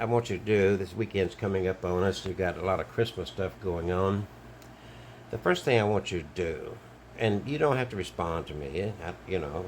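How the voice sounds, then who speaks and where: Blunt older man, very low voice. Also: a little hiss or hum. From Alabama. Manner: blunt, rambling, many fillers. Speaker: video commentator. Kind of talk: casual monologue to camera.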